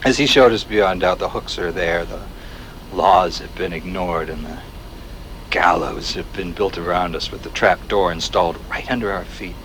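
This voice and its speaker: An actor playing a paranoid, fiery male agitator in a video game, delivering an impassioned rant that swings from hushed menace to near-shouts. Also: low-pitched, normal speed, slight background noise. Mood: brooding menace. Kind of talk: video game voice acting, radio-style monologue.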